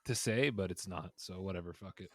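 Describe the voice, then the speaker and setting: A man's voice: deep voice, a little fast. A man, a podcast guest, talking in an easygoing way and laughing often. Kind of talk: casual podcast chat.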